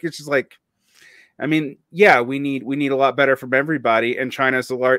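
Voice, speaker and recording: A man's voice: mid-range voice, fairly bright tone, no echo, studio quality. A man with a Southern US accent hosting an interview, talking casually and rambling with fillers and restarts. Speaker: podcast host.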